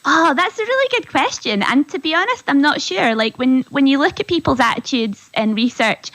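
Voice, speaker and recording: A woman's voice: high-pitched, animated, moderate pace, fairly bright tone, no echo, low-quality recording. A woman researcher as a radio guest, thoughtful and a little hesitant.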